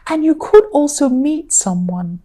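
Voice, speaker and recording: A woman giving a solo tarot reading to camera. She talks in a gentle, reassuring way with frequent ums, and her voice is tired and a little croaky. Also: high voice, expressive, unhurried. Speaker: tarot reader.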